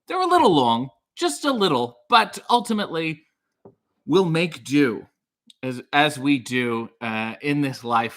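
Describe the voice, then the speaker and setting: Man, comic livestream host, mock-serious rambling, bright sharp tone, slightly high voice. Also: sing-song, normal speed. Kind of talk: comedic livestream monologue.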